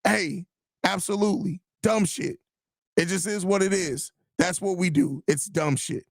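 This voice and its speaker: Ranting podcast host, gravelly and dry. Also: male voice, high voice, a little slow, no echo. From Chicago area. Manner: frustrated, profane ranting with repeated phrases. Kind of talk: live podcast reacting to chat.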